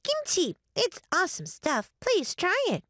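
A bubbly little ghost girl, put on by a woman reading a story, squealing her lines high and lively. She sounds eager to please, her voice bouncing up and down in a dry, close sound. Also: unhurried, no room sound, exaggerated voice. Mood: excited.

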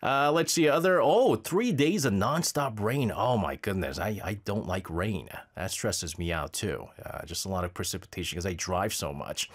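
A man's voice: on the low side, animated, normal speed, few pauses. Chatty guy hosting a live show, voice jumps up and down a lot, rambly, laughs easy. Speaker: radio show host reading listener messages. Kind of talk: casual live show chat.

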